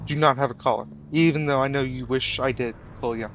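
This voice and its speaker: A man's voice: medium pitch, steady tone, brisk, highs cut off, background noise. A man streaming a game live, chatting casually and teasing his viewers. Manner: joking, teasing chat, mock British phrases. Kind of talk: casual live gameplay commentary.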